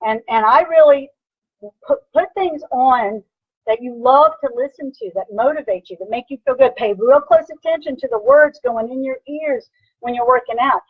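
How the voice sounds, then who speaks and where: A woman personal trainer giving an energetic motivational lecture, punchy and repetitive, with a husky voice. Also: sits high, moderate pace, no room sound, narrow, tinny audio. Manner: energetic, punchy, repeats "bam" and "right?".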